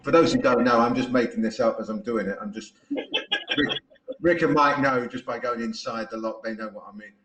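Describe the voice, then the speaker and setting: A man's voice: medium pitch, big pitch swings, fairly quick, a bit bright. A man hosting a podcast, telling stories in a chatty way and laughing often. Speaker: podcast host. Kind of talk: casual podcast conversation. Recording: roomy echo.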